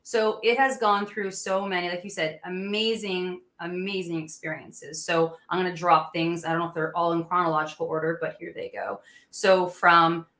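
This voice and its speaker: A woman in her thirties hosting a podcast, chatting in an excited, gushing way with frequent laughs. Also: lowish voice, moderate pace, echoey room. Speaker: podcast host. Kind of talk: casual interview chat.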